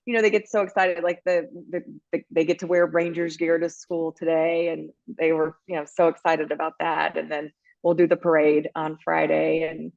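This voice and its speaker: Lower-voiced woman, chatty storyteller. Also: little pitch movement, normal speed, gravelly, a little mellow, no echo, lo-fi sound. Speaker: podcast co-host. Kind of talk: casual chat.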